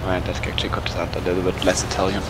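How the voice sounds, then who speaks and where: A man's voice: deep voice, monotone, very fast, very noisy. A man joking with friends over a game, wry and often stammering. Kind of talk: casual gaming chat with friends. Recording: game audio and gunfire underneath.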